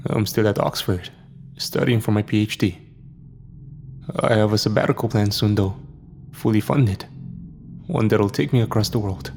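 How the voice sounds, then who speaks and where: Gravelly male horror narrator. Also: lowish voice, darkish tone, a little hiss or hum. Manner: dramatic first-person storytelling, lines for each character read aloud. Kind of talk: scripted horror story narration.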